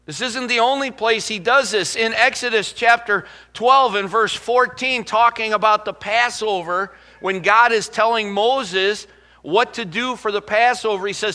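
High-voiced bright-toned pastor preaching. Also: male voice. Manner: folksy storytelling, slows for scripture quotes. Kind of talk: sermon.

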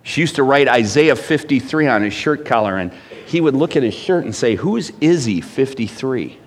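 A middle-aged man preaching a sermon as pastor, emphatic, swinging between loud bursts and hushed lines. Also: medium pitch, expressive, a little fast.

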